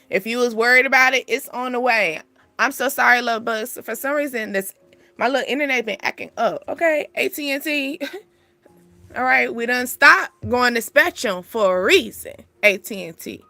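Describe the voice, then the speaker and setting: A young woman hosting a casual spiritual reading, chatty and animated, laughing often. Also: on the high side, a little slow, no echo. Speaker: spiritual channel host giving a reading.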